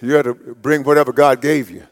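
A man's voice: mid-range voice, fairly even intonation, fairly quick. A man preaching a sermon as pastor, emphatic and repetitive, calling out to the congregation.

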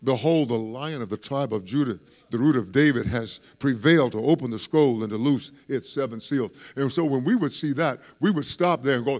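Man, preacher, sermon, mid-pitched voice, chatty asides, loud fervent swells. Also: normal speed, hardly any pauses. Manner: lively preaching with swells in volume and laughter; conversational asides to the congregation.

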